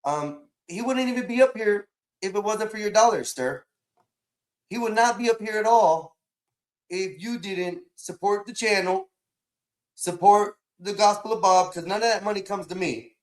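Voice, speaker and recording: A man with a high, emphatic voice hosts a casual livestream, speaking. He scolds and lectures his guest in a preachy way and repeats himself for weight. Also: normal speed. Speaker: livestream host.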